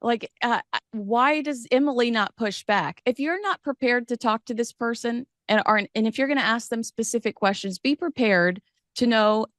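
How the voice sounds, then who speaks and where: A woman's voice: fairly high pitch, normal speed, a bit bright, no echo. Woman host for casual commentary: wry, rambling, critical, dry sound.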